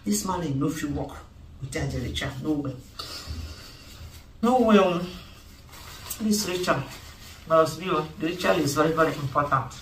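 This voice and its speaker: A woman's voice: low voice, brisk, a bit bright, recorded from a distance. This is a woman with a Nigerian accent playing a comic skit scene, and her voice is emphatic and pleading as she slips into pidgin. She stands well back from the mic in a roomy space, and a faint hum of ambience sits under her.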